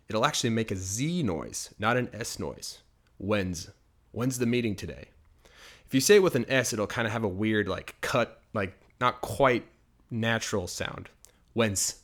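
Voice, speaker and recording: A young American man teaching English phrases, explaining patiently and slowing down to show pronunciation. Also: lowish voice, a bit bright. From United States. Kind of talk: bilingual teaching video.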